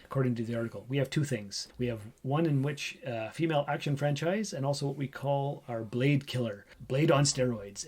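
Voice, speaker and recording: A man's voice: medium pitch, a little fast, few pauses, darkish tone, breathy edge. A man hosting a casual pop-culture podcast, reading news items aloud and chatting about them. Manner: chatty, reads headlines then riffs on them. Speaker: podcast host.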